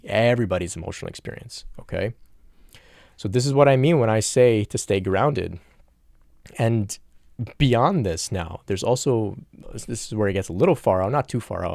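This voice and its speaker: A man giving a calm, reassuring spiritual talk, repeating "of course" and checking in with "okay?". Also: fairly low pitch, creaky, no echo, studio quality. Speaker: spiritual teacher. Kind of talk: solo spiritual talk to camera.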